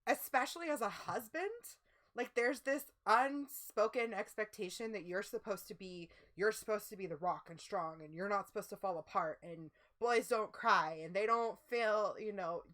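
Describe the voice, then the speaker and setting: A woman's voice: mid-range voice, normal speed, a bit bright. Chatty woman co-hosting a livestream. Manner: rambling, heavy use of "like". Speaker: co-host. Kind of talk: casual livestream chat.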